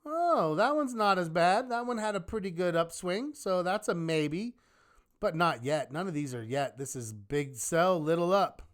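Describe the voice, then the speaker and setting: A man teaching a live online trading class in a lively manner, often asking rhetorical questions. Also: high voice, a little slow. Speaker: trading instructor.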